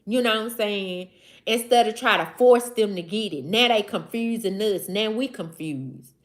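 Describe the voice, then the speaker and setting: A woman's voice: medium pitch, normal speed. A woman with a Southern accent from Mississippi, hosting a casual livestream and talking straight to her chat in a loose, slangy way that repeats itself. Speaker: livestream host. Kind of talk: casual live-stream chat.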